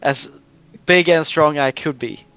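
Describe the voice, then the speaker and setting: A man describing his character's actions in a tabletop game, slowly searching for words. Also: fairly high pitch, fairly bright tone, clear, resonant tone, lo-fi sound. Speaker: player.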